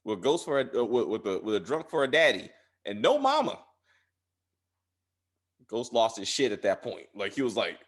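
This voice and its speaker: A man co-hosting a casual TV recap chat, acting out character lines in an animated way. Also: mid-range voice, normal speed, pauses often. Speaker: podcast co-host.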